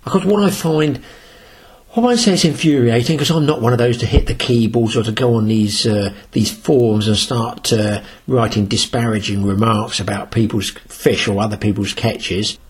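A man's voice: medium pitch, normal speed, breathy edge. An older man from Britain, a sea angler, telling rambling, boastful fishing stories in a casual, chatty way. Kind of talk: casual spoken anecdote.

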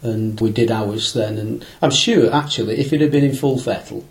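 A man's voice: mid-range voice, moderate pace, poor audio. A man in a casual conversation, recalling fishing trips in a rambling, anecdotal way with many fillers and restarts.

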